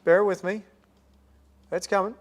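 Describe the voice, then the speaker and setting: A man hosts a live painting stream, chatting upbeat and thinking aloud while he works at the easel. His high voice stays steady and unhurried.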